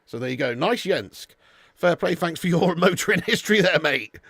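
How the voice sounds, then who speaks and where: A man's voice: on the high side, expressive, moderate pace, gravelly, a bit bright, slightly rough, no echo, studio quality. A man hosting a live football watch-along, chatting casually with viewers and calling them mate and lad. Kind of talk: casual live-stream chat.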